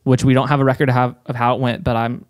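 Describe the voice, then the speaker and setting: A man's voice: mid-range voice, level tone, rapid-fire, dry recording, clean studio sound. A man co-hosting a casual podcast, telling a story with lots of "uh"s and laughs.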